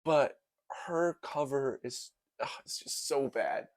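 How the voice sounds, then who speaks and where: A man's voice: mid-range voice, slow, no room sound. A young man rants through a movie recap in a casual, hyperbolic ramble, leaning hard on "like" and "dude". His voice sits in a middle range and sounds close and dry, with no room around it. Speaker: movie reviewer. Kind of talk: casual comedic movie commentary.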